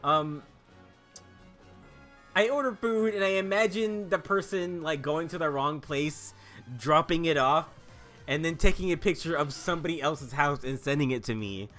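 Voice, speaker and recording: Bright-voiced man telling a story over gameplay. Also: fairly high pitch, moderate pace, soft background music. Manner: animated, swears freely, laughs often. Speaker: gaming video host.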